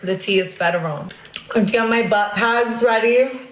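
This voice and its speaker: A woman's voice: a little high, moderate pace, muffled recording, close to an everyday voice. A woman impersonating a young celebrity on a livestream, putting on a New Jersey accent in an airy, affected, self-important way. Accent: put-on New Jersey. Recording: echoey room, faint background noise.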